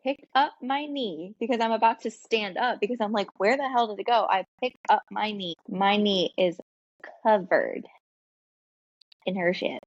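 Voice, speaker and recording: A woman co-hosting a podcast, telling a long casual story full of "like" and "um" and quick laughs. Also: mid-range voice, no room sound, lo-fi sound. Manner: chatty storytelling with frequent fillers and laughs. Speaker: podcast co-host. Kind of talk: casual chat.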